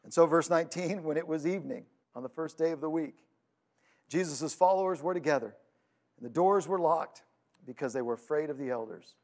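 A man preaching a sermon, retelling scripture with dramatic swings between loud urgency and hushed quiet. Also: on the high side, a little fast. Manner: storytelling, paraphrasing scripture. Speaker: pastor.

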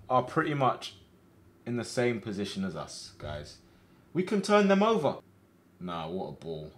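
A man streaming a football management game, reacting out loud with groans and cheers as he commentates. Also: mid-range voice. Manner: excitable, shouts at players, swings between groans and cheers. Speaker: gaming streamer.

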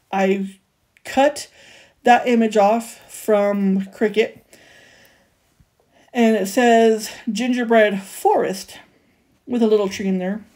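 Woman, crafting voice-over host, chatty, self-mocking, slightly high, mellow tone. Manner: fillers like "like" and "you know". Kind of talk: casual craft tutorial voice-over.

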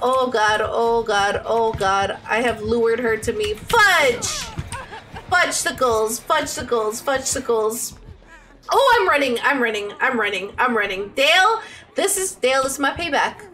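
High, bubbly young woman streamer. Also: normal speed, soft background music. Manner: excitable, squealing, talks to chat. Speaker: Twitch streamer. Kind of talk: casual live gaming stream chatter.

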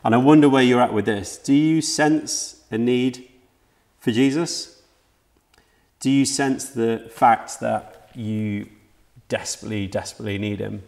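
A man's voice: mid-range voice, unhurried, vocal fry, a little mellow. A man preaching a sermon for a church livestream, earnest and reflective, often restarting his sentences. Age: adult, past university age.

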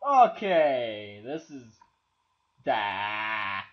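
A man's voice: medium pitch, drawn-out words, lo-fi sound. A man with a cold commentating a game, exasperated and swearing, talking to objects on screen. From Canada. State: has a cold. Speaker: gameplay commentator. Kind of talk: let's play commentary.

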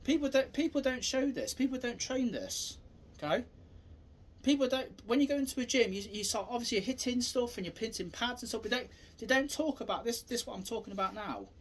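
A man's voice: very high voice, animated, brisk. A man, a self-defence instructor, talking casually through a demonstration in a rambling, repetitive way.

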